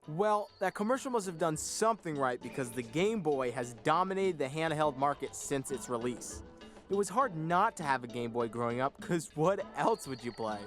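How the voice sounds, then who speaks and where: Goofy, lively male comedy host. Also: fairly high pitch, moderate pace. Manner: goofy, self-mocking, bursts of hype. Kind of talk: comedic video-essay narration. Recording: music playing loudly behind.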